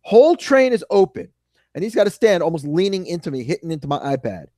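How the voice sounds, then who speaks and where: A man with a New York accent co-hosting a podcast, telling animated stories with some swearing. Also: high-pitched, fast, no room sound, studio quality. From New York suburbs. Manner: animated storyteller, ranting and swearing. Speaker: podcast co-host. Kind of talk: casual chat.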